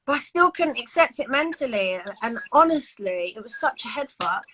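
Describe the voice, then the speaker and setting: Brief: young woman, podcast co-host, higher voice with a bright edge, frank and foul-mouthed. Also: lively intonation, normal speed, a little hiss or hum, poor audio. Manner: candid, swears freely. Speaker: podcast co-host, bikini bodybuilder. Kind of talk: casual podcast chat.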